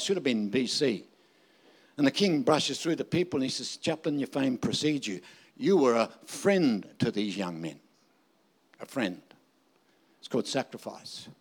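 An older man preaches with a slightly high voice. He mixes jokes into his sermon and keeps throwing emphatic rhetorical questions at his listeners. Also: a little mellow. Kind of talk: sermon with humorous stories.

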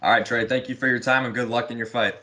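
A man's voice: medium pitch, little pitch movement, fast, bright, forceful tone. A man hosting a podcast, asking plain questions in an easygoing, casual interview style. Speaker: podcast host.

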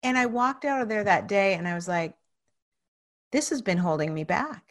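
A woman guest in a casual conversation, telling a personal story with lively acted-out quotes. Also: mid-range voice, moderate pace. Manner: animated storyteller, acts out quoted speech.

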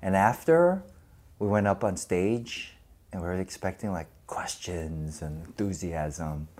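A man's voice: low-pitched, a little slow, darkish tone. A middle-aged man being interviewed, telling stories casually and animatedly, acting out voices and laughing often. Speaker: guest.

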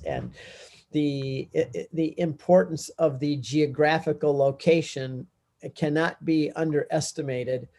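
A man guest on a talk show, teaching with lively storytelling that climbs in pitch when he stresses a point. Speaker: Catholic speaker and pilgrimage guide.

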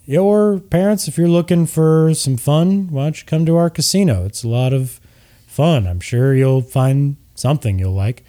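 A man's voice: fairly high pitch, moderate pace, warm tone, voice pushed up, natural voice. A man playing a dour human casino owner. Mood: dour salesy.

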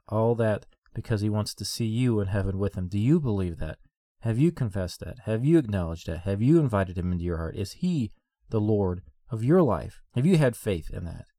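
A man's voice: lowish voice, darkish tone, no echo, studio quality. A man preaching a sermon in a repetitive, rhythmic cadence, asking listeners direct questions.

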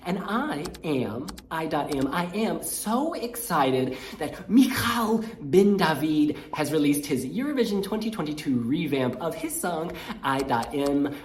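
A man's voice: on the high side, big pitch swings, measured pace, few pauses, darkish tone, slight background noise. A man hosting a reaction video, talking in a camp, sassy, gushing way. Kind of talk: excited casual reaction chat. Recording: echoey room.

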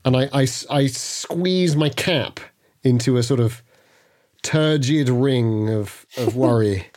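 A man's voice: mid-range voice, takes it slowly, a little mellow. Hesitant male player in character. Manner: nervous, hesitant. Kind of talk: in-character roleplay.

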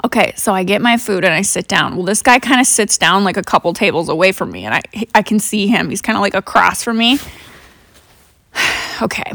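A woman's voice: medium pitch, lively intonation, brisk, vocal fry, a bit bright, no room sound, clean studio sound. A young woman hosting a podcast, telling stories in a chatty, profane way with lots of fillers. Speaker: podcast host. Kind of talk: casual storytelling.

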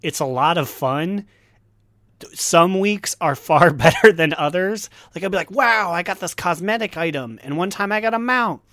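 A man's voice: high-pitched, moderate pace, a bit bright, dry recording, studio quality. A man co-hosting a casual gaming podcast, often laughing mid-sentence as he tells his story. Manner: laughs often while talking. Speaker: podcast co-host.

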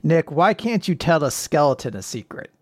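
A young man co-hosting a casual podcast, recapping a comic chapter in an animated, joking way and telling corny puns. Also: on the high side, moderate pace. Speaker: podcast co-host. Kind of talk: casual manga recap chat.

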